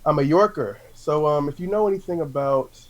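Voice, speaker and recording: A man's voice: a little high, fairly quick, highs cut off. A man chatting casually as a tabletop game player, eager and playful. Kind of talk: casual chat.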